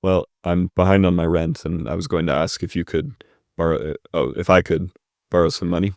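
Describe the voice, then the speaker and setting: A man's voice: low voice, steady tone, fairly quick, gravelly, no room sound, studio quality. A man reading the lines of a broke, defensive young man who asks a friend for money.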